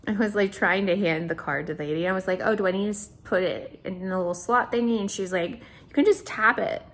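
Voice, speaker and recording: Chatty woman with a lowish voice. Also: fairly bright tone. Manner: chatty, rambling with restarts; talks to her dog. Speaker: vlogger. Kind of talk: casual video diary.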